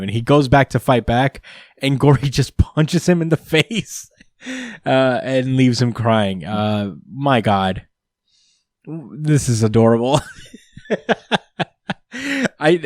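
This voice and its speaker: A man's voice: mid-range voice, no room sound, clean studio sound. A man casually recapping a comic chapter on a podcast, rambling with lots of ums and uhs and frequent laughter. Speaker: podcast host. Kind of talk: casual manga recap chat.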